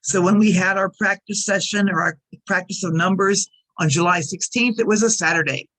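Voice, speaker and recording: Woman teaching slow drilled English phrases. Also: mid-range voice, fairly bright tone. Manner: careful, repeats example sentences for learners. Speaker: ESL teacher. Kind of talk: slow clear teaching narration.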